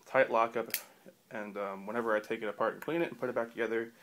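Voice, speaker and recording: A man's voice: lowish voice, steady tone, quick pace, background noise. A man giving a casual knife review in a rambling way, full of fillers and restarts, with dry offhand humor.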